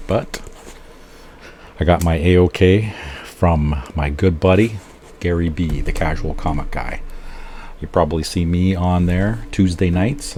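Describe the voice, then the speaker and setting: Middle-aged guy, really low voice, gets all excited opening comics, bit of hiss behind. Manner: excitable, exclaims often. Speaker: comic book vlogger. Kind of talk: casual unboxing chat.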